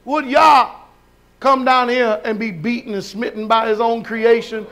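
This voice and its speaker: High-voiced preacher man. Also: a little slow. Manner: folksy, animated, shouts and laughs; questions the congregation. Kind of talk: sermon.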